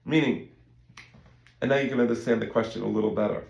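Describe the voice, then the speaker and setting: A gravelly-voiced male rabbi gives a casual Talmud lesson to a class in an echoey room, speaking conversationally, repeating words, and quoting in animated voices. His pitch is on the low side and his pace is quick. The audio sounds dull.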